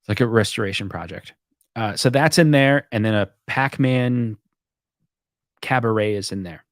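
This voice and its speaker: Low-voiced man telling a rambling story. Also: moderate pace, dry recording, studio quality. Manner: rambling storyteller, acts out quoted exchanges. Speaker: host. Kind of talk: casual chat.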